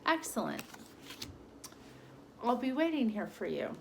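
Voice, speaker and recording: A woman voicing a sly wolf who speaks in a smooth, polite, coaxing way. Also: on the high side, sing-song, unhurried, slight background noise, exaggerated voice. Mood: inviting.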